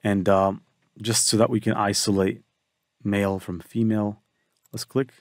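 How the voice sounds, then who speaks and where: A man hosting a software tutorial, thinking aloud as he walks through each step. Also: fairly low pitch, little pitch movement, moderate pace, no room sound. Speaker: tutorial host. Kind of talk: screen-recorded software tutorial.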